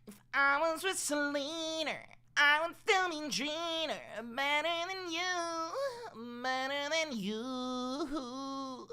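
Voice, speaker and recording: A woman voicing a whiny figure who sings a slow, drawn-out taunt. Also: high voice, expressive, pushed and bright, full character voice.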